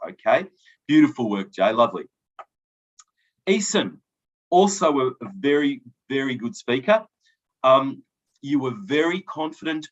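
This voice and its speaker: A man adjudicating a debate final, giving encouraging feedback to each speaker with frequent ums and restarts. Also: mid-range voice. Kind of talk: spoken feedback and results announcement. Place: event hall. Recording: dull lo-fi recording.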